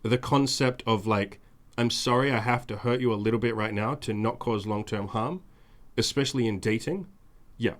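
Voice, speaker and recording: A male podcast host talking in a loose, casual way. His voice sits at an ordinary middle pitch. He is blunt and swears freely, driving his points home with lists and repetition. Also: normal speed. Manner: mimics whiny demands in a raised voice.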